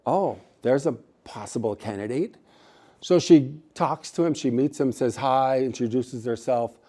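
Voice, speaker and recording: A middle-aged man telling a story at a community gathering, relaxed and humorous with jokey asides. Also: medium pitch, measured pace. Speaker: storyteller and speaker.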